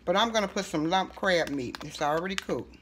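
A middle-aged woman hosting a casual home cooking tutorial, talking in a relaxed, chatty way with fillers and self-corrections. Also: lowish voice, fairly quick, noisy background. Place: home kitchen.

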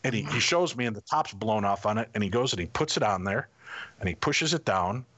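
A middle-aged man telling stories as a guest in a casual interview, animated and acting out the people in them. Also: fairly low pitch, brisk, breathy edge.

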